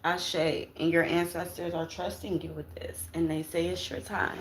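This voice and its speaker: A woman's voice: fairly low pitch, little pitch movement, moderate pace, a little hiss or hum. A woman giving a casual spiritual tarot reading to her viewers, calling them "y'all" and checking in with "okay?" after nearly every phrase. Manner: casual, repetitive, addresses viewers as "y'all" and "baby"; emphatic, punctuates with "okay?" and "Ashe". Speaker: tarot reader.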